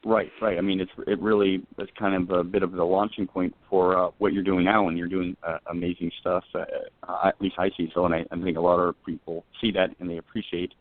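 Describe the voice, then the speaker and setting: A man's voice: deep voice, little pitch movement, a little fast, hardly any pauses, dry recording. A man hosting a radio interview, speaking hesitantly with many fillers and encouraging his guest. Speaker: radio show host. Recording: dry, phone-like radio line.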